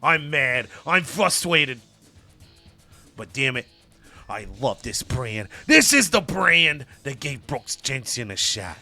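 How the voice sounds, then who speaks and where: A man's voice: mid-range voice, big pitch swings, slow, pushed and bright, faint music behind, full character voice. A man voicing a frustrated but loyal male wrestler giving an earnest speech. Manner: earnest, heartfelt. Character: worn-out, frustrated male wrestler cutting a promo.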